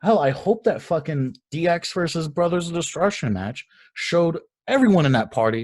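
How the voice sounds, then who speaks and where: Young man, husky voice, lively swinging pitch, fired-up profane rant, casual co-host. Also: moderate pace, hardly any pauses. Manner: heated, profane ranting. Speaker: podcast co-host. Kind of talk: casual ranting chat.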